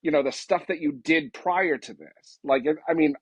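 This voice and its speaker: A man's voice: on the high side, moderate pace, slightly rough, dry recording. Rambling late-thirties male podcast host. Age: late 30s. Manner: loose, rambling, with many fillers and mild swearing. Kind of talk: casual interview chat.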